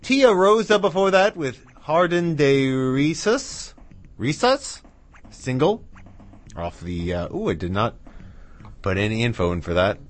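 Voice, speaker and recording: A man's voice: mid-range voice, very animated, a little slow. A man hosting a radio music show, back-announcing tracks in a chatty, rambling, self-mocking way with asides to his dog. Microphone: studio mic with headphones.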